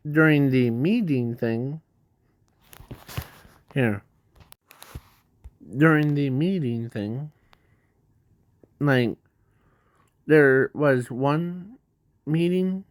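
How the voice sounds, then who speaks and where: A man slowly narrating an improvised fan story, halting often with restarts and fillers. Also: medium pitch, darkish tone, no room sound.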